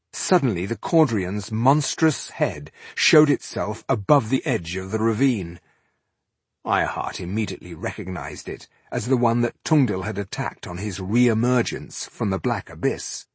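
A man narrating a fantasy novel as an audiobook in a steady, measured storytelling manner. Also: on the low side, husky, no room sound.

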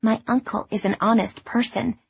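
A woman's voice: on the high side, steady tone, normal speed, creaky, husky, highs cut off, pitched above the performer's own voice, heavily acted. A woman voicing a stubborn fifteen-year-old girl who talks back defiantly. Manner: defiant, insistent.

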